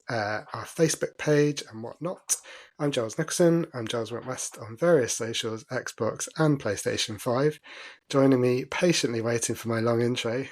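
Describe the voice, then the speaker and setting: Upbeat British podcast host. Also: male voice, medium pitch. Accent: British English. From Britain. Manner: friendly and upbeat, reads the intro smoothly. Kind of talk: podcast intro and casual chat.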